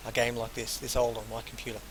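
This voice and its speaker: A man recording a game playthrough at a mid-range pitch. He reads long passages of game text aloud in full, then mutters short, casual asides between them. A faint hiss runs under his voice. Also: monotone, quick pace. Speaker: let's player. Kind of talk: gameplay commentary and reading game text aloud.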